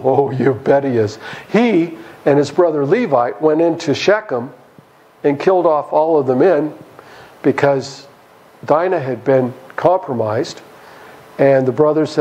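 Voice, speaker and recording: A man's voice: mid-range voice, measured pace, long pauses, dull audio. A man teaching a church Bible study, asking the listeners questions and acting out the characters' lines. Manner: animated, acts out voices of the characters, asks the audience questions. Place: church hall.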